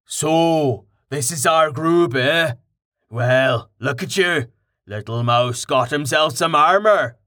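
Narrator doing a booming, jovial bearded warrior. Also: male voice, slow pace. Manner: loud, hearty, teasing. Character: huge black-bearded armored man, boisterous and jovial. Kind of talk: audiobook character voice.

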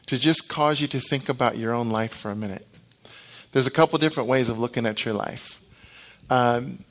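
Animated middle-aged male preacher. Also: medium pitch. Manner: animated, acts out quoted reactions, frequent restarts. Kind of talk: sermon.

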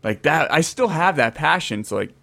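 Animated man in his thirties telling stories. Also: fairly high pitch, moderate pace, vocal fry, no room sound. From California. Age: 30s. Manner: animated storyteller, acts out his own past lines. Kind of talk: casual chat.

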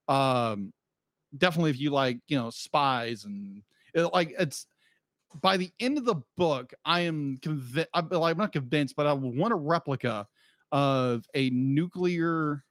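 A man's voice: fairly high pitch, lively intonation, measured pace, fairly bright tone, no echo. Rambling man co-hosting a podcast. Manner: rambling, frequent restarts and "be like" asides. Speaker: podcast co-host. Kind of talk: casual chat.

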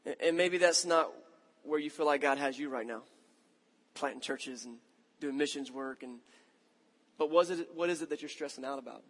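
A man's voice: on the high side, moderate pace, a bit bright. A man in his thirties preaching a sermon, telling a story about himself in a conversational, self-mocking way. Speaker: pastor. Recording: long hall reverb.

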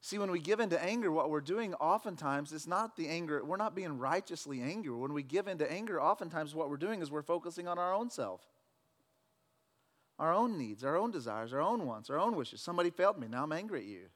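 A pastor preaching a sermon, swinging between loud fervent declarations and relaxed, joking talk with the congregation. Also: male voice, fairly high pitch, fairly quick. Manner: preaching with loud emphatic shouts, then conversational with jokes.

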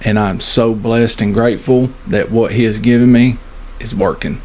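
A man's voice: lowish voice, steady tone, a little mellow, a little hiss or hum. A man co-hosting a podcast, teasing and joking in casual banter. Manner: joking, teasing, drawn-out storytelling. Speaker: podcast co-host.

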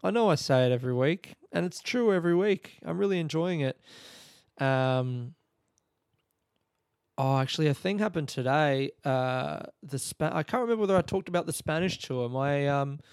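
A man's voice: on the high side, moderate pace, a little mellow, clean tone, no room sound, studio quality. A tired man hosting a podcast alone in his room late at night. He rambles, yawns, swears and makes fun of himself. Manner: rambling, sleepy, profane and self-mocking. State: tired and yawning. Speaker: podcast host. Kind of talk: casual late-night monologue. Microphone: podcast microphone.

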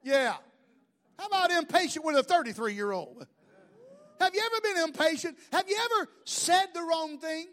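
A man in his fifties, a pastor preaching an animated sermon full of rhetorical questions. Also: very high-pitched, normal speed.

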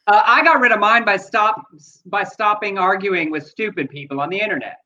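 A man's voice: sits high, brisk, pushed and bright, muffled recording. A man co-hosting a talk show, reading out listener comments and chatting frankly with some swearing. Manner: frank and profane, reads out quotes. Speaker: co-host.

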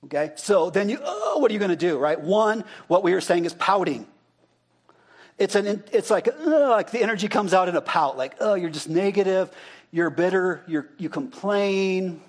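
A man's voice: high-pitched, animated, moderate pace. A male pastor giving an interactive sermon, talking casually and asking the congregation questions, then repeating their answers back.

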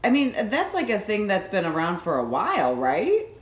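A woman co-hosting a podcast in casual chat, wry and quick to laugh, hedging with fillers. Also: medium pitch, wildly swooping pitch. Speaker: podcast co-host. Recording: echoey room with faint hum.

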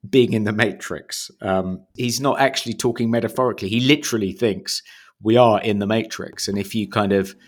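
A man co-hosting a podcast in casual chat. He speaks in a measured, hesitant way, with many "um"s and "you know"s, and trails off quietly. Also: lowish voice, fairly even intonation. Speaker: podcast co-host.

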